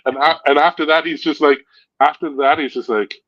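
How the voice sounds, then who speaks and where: A man's voice: fairly high pitch, steady tone, brisk, no room sound. A man chatting casually on a stream, telling long rambling stories, correcting himself and laughing at his own jokes. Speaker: stream host. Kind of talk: casual storytelling chat. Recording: dull lo-fi sound.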